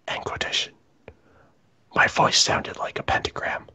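A man doing a comedic, mock-dramatic reading of fan fiction, reading the punctuation aloud in a breathy half-whisper. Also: measured pace, pushed and bright. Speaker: reader.

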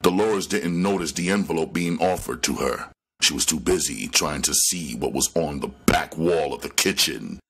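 A man reading a crime novel aloud with expressive storytelling narration. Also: very deep voice, moderate pace, slightly rough. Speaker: audiobook reader.

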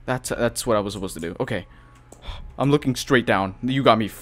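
A man's voice: mid-range voice, a little fast, a bit bright. A man giving horror gameplay commentary as a YouTuber, jumpy and panicky, gasping, swearing and laughing nervously. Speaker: gaming YouTuber.

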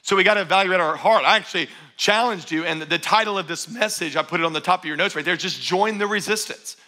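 A male pastor preaching a sermon in church, energetic and joking with his congregation. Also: sits high, fast talker.

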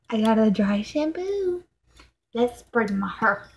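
A woman's voice: medium pitch, takes it slowly, pauses often, slight background noise. A young woman filming a casual unboxing vlog at home on a distant camera mic, exasperated and swearing, saying "like" constantly. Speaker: vlogger.

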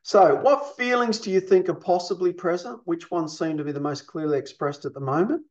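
A man's voice: high-pitched, a little fast, highs cut off. A man teaching a counselling lesson in an explanatory way, often checking in with his listeners. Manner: explanatory, checks in with "you see?" and "okay?". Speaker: counselling instructor.

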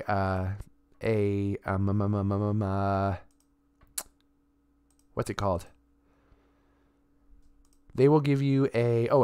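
A man's voice: fairly low pitch, darkish tone, clean tone, no echo. A man streaming live and chatting casually as he shows things on screen. He rambles with lots of fillers and restarts and swears offhandedly. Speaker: streamer and artist.

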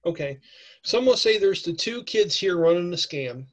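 A man's voice: sits high, expressive, moderate pace. A man with a cold narrating a tabletop game as game master in a chatty way. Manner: chatty, with many fillers and okays. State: has a cold.

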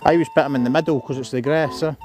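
A man's voice: fairly high pitch, fairly even intonation, rapid-fire, music in the background. A Scottish man vlogging outdoors while walking his dog, blunt and sweary, giving commands. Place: outdoors on a seafront by a road.

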